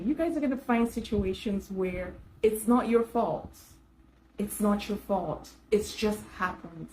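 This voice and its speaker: Woman self-care vlogger, animated and chatty, middle pitch, addresses viewers directly. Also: a little hiss or hum, poor audio. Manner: animated, laughs often while telling stories; talks straight to viewers, warm and chatty. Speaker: self-care coach for professional women. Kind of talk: casual storytelling vlog.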